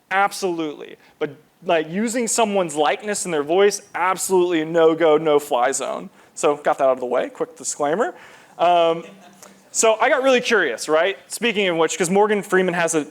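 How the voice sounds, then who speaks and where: A man giving a casual live presentation to an audience, talking loosely with lots of fillers and repeats. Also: fairly high pitch. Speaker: conference presenter.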